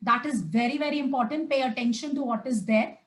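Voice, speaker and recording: A woman's voice: sits high, brisk, a bit bright, reverberant, low-quality recording. A woman tutor leading a live class, questioning the students and then answering herself. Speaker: test prep tutor. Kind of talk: live online class lecture.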